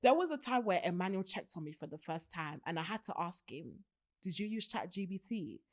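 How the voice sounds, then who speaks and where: A young British woman hosting a podcast in casual chat, animated, laughing often and swearing casually. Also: lowish voice, brisk. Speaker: podcast host.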